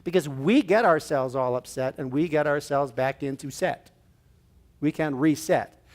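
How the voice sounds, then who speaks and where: A man speaking as guest at a church service, giving an inspirational talk with lively acted-out scenes and inviting his listeners to join in a gesture. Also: fairly high pitch. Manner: animated, acts out little scenes and leads the audience in a gesture. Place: church room with an audience.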